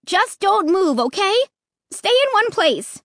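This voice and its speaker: A woman's voice: extremely high pitch, big pitch swings, takes it slowly, fairly bright tone, dry recording, clean studio sound, pitched above the performer's own voice, exaggerated voice. A woman voicing a frightened, frustrated young girl lost in a maze of mirrors, calling out shrilly. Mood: scared, cross. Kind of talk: audiobook character reading.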